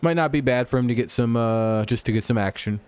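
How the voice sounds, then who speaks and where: A man hosting a casual live stream, chatting with viewers and calling pitches as he watches a ballgame. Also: fairly quick, darkish tone, clean tone, no echo. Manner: chatty, replies to chat while calling pitches.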